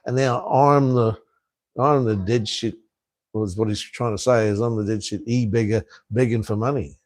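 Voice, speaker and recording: A Tasmanian man in his fifties with an Australian accent hosts a casual live stream, reading viewer comments and answering them bluntly. His lowish voice is steady and unhurried, with long pauses, and there's no room sound. He swears freely and chuckles between remarks.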